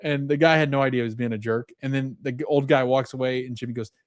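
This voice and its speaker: A man's voice: mid-range voice, quick pace, no echo. Male podcast host, mid-range voice, casual recap delivery with self-corrections, dry close sound. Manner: chatty, animated retelling with frequent restarts.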